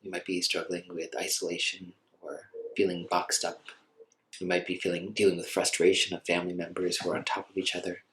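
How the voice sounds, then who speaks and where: Low-voiced man giving a gentle meditation talk. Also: little pitch movement, a little fast, a little hiss or hum, poor audio. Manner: conversational, gentle, many fillers like "like". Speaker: meditation teacher. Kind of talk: informal dharma talk.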